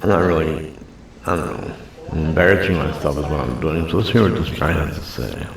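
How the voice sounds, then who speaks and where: A man's voice: extremely low pitch, expressive, fast talker, vocal fry, crowd noise. A man hosting a reaction video, chatting casually in a rambling, self-deprecating way that repeats itself. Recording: very echoey room, mic at a distance.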